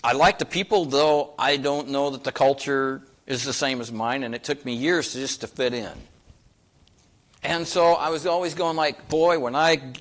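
A man's voice: mid-range voice, moderate pace, a bit bright. A middle-aged man from North Dakota preaching a sermon in a conversational, folksy way, building up to emphatic questions for his congregation. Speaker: pastor.

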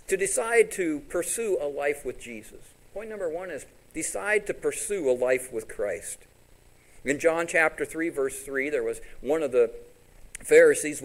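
A man's voice: fairly high pitch, low-quality recording. A man preaching a sermon in a conversational way, asking the congregation questions and paraphrasing scripture. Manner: paraphrases scripture in quoted voices. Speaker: pastor.

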